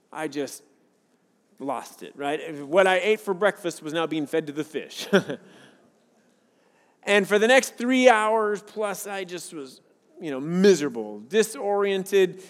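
A male pastor with a notably high voice delivers an earnest, conversational sermon. He mixes scripture with personal stories. His words ring out with the long reverb of a large church hall. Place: church sanctuary with a worship team.

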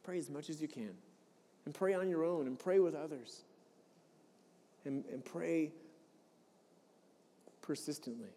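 A man preaching a sermon in a conversational, earnest way, often stumbling over and repeating a word as he restarts. His voice sits a bit high for a man but sounds mellow and warm. The sound carries a long reverb, as in a large church hall. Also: measured pace, long pauses, slightly rough. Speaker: pastor. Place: church sanctuary.

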